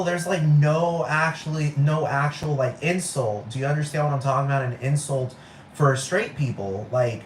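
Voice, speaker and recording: Rambling, profane man in an echoey room. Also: mid-range voice. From Texas, United States. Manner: rambling, profane, keeps asking if you follow. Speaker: podcast host. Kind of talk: casual monologue rant. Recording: echoey room with faint noise.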